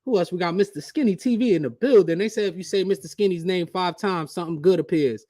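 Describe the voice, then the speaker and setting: A man's voice: high-pitched, animated, moderate pace, warm tone, dry recording, clean studio sound. Slangy man hosting a reaction stream. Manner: slangy, talks straight to chat. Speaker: channel host. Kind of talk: casual live reaction stream.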